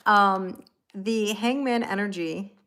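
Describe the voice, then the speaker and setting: Slow and smooth, her medium-pitched voice a bit bright, this tarot reader rambles casually through a live-stream reading. She greets viewers by name and leans heavily on fillers and self-corrections.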